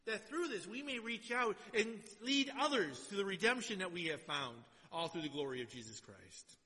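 A man preaching a sermon and reading scripture aloud, swinging between loud exhortation and quiet, low asides, in a church. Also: expressive, moderate pace. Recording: long hall reverb.

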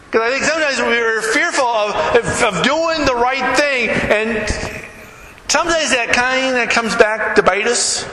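An extremely high-pitched male pastor preaches unhurriedly in an echoey hall with faint ambience and slight background noise. He tells stories animatedly, acting out the people in them and performing their quotes.

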